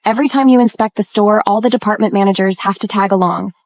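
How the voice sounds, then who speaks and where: An actress playing a proud, sharp-tongued older grandmother, calm and cutting, in an English drama dub. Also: medium pitch, quick pace, no room sound, natural voice.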